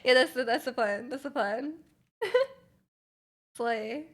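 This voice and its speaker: A woman's voice: high-pitched, normal speed. A young Canadian woman streaming live, chatting casually with her viewers, giggling and rambling with many restarts.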